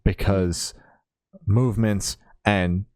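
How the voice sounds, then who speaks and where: A man with a low, smooth voice co-hosts a music podcast in easy, casual chat. He swears freely and circles back with fillers and restarts. He sits close to the mic in a dead, dry space. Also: steady tone, slow, a little mellow, no room sound. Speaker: podcast co-host.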